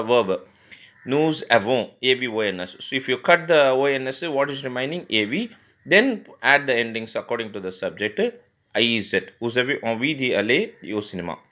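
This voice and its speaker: A man's voice: medium pitch, fairly bright tone. Man teaching grammar, spelling words aloud. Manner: spells words letter by letter, frequent fillers and restarts. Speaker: French teacher. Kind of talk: grammar lesson explanation.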